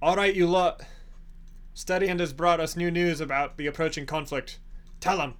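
A man voicing a gruff male refugee leader in a tabletop game, with a brogue that drifts between Irish and Scottish. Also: medium pitch, fairly even intonation, moderate pace, a bit bright, close to an everyday voice. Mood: rallying. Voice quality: slipping brogue, half Irish, aiming for Scottish.

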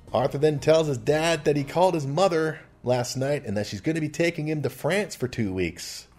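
A man's voice: mid-range voice, a little mellow, husky. A middle-aged man casually recapping a TV episode, chatty and laughing often, with asides, faint music behind. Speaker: podcast host recapping a TV show.

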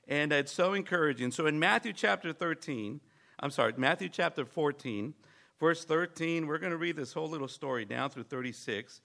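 A man's voice: a little high, moderate pace, creaky, bright, forceful tone. A man preaching a sermon and reading scripture aloud, enthusiastic, often asking his listeners questions and restarting phrases. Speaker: pastor.

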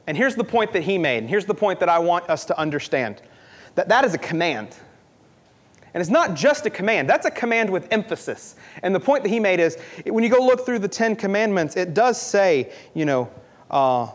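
Young male preacher with a high voice, earnest and conversational, repeats points for emphasis. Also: lively intonation, brisk. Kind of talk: sermon.

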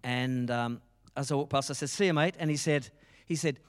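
A man's voice: mid-range voice, moderate pace, smooth, in a large hall. A middle-aged man preaching a sermon, passionate and full of told stories. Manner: passionate, storytelling with quoted dialogue. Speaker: pastor.

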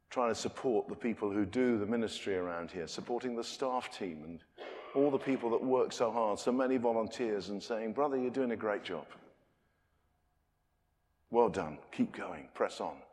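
A British man preaching a sermon in a conversational way, moving between loud emphasis and quiet asides. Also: fairly low pitch. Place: church. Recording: long reverb of a church hall.

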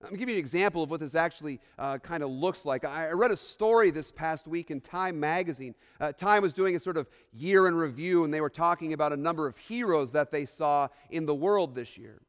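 A man with a rather high voice preaches a Christmas sermon, earnest and emphatic. He stacks repeated phrases for weight and sometimes stumbles and restarts. His voice trails off into the long reverb of a large sanctuary. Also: a little fast, few pauses, smooth. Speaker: pastor. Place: church sanctuary.

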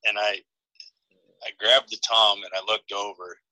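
A man with a low, deep voice tells a story as a podcast guest, keeping it casual, animated, and full of laughter. His tone is very bright and forceful and his pace unhurried, captured in a dry, close recording of poor quality.

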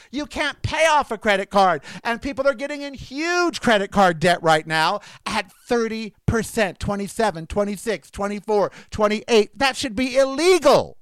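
High-voiced man in an indignant rant. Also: fairly bright tone, smooth, no echo. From United States. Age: 50s. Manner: indignant, sarcastic, repetitive. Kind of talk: ranting monologue.

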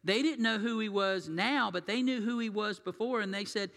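A man preaching a sermon as pastor, telling stories and swinging between loud and hushed delivery. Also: high-pitched, moderate pace, creaky. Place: church sanctuary. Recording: long reverb of a church hall.

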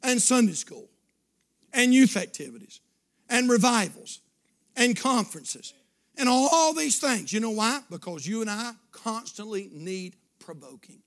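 Preacher, male, fervent and repetitive, high pitched. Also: big pitch swings, a little slow. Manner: fervent, repetitive, builds to shouts. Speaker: pastor. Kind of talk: sermon.

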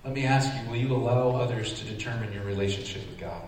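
A man's voice: mid-range voice, quick pace. Man preaching in an echoey hall. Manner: animated, self-deprecating storyteller who acts out his reactions. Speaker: pastor. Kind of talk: sermon storytelling. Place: large church sanctuary. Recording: echoey hall, distant mic, faint noise.

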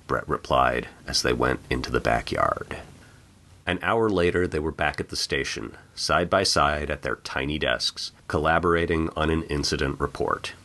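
A man reading his own short story aloud in an expressive, animated narration. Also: a bass voice, moderate pace, vocal fry. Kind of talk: audiobook narration.

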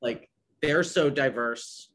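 A man's voice: medium pitch, slow, fairly bright tone, slight background noise. A man who owns a business, speaking as a podcast guest with enthusiasm and many trailing restarts. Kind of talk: casual podcast conversation.

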